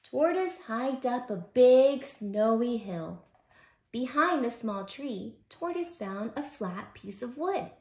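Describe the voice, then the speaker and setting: A woman who teaches preschool, reading a children's bedtime story aloud in a gentle, expressive way. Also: a little high, slow pace. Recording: roomy echo.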